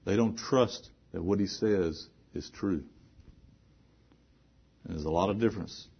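A man preaching a sermon in a low, husky voice, dropping to hushed earnest talk and then rising to loud, emphatic preaching. He keeps putting rhetorical questions to the congregation. The recording is muffled and lo-fi. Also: a little slow.

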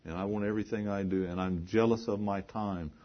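A man's voice: fairly low pitch, steady tone, a little fast. A male preacher delivering an emphatic sermon, repeating phrases and posing rhetorical questions. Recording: dull lo-fi recording.

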